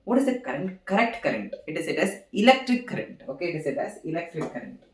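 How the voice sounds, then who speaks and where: A young man gives an informal physics seminar, halting and repeating phrases as he writes. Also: a little high, very animated, far from the mic. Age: young adult. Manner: halting, repeats phrases while writing on a board. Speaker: student giving a physics seminar. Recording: echoey room, voice from off-mic.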